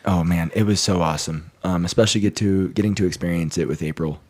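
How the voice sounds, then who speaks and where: Man, podcast co-host, low mellow voice, dry close sound, excitable storyteller with jokey exaggeration. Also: fast talker, no room sound. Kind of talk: casual sports podcast chat.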